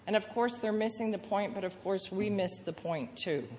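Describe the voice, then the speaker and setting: A woman pastor preaching a sermon, telling the story lively and acting out the voices of the people in it. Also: mid-range voice, normal speed, big-room sound, slight background noise. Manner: storytelling with acted-out voices of the crowd and Jesus.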